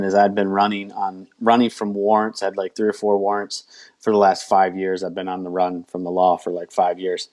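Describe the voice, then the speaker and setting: A man's voice: on the low side, little pitch movement, brisk, a little mellow. A man as an interview guest giving a candid personal testimony, acting out his own past words as he tells it.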